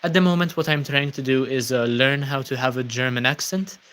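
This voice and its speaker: A man's voice: medium pitch, steady tone, a little fast, a bit bright. A man hosting a casual livestream, reading out viewers' comments and answering them with frequent ums. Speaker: livestream host.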